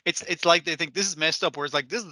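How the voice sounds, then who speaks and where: A man's voice: fairly high pitch, quick pace, bright, forceful tone, no room sound. A man co-hosting a podcast in casual chat, laughing often and swearing as he retells scenes. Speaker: podcast co-host.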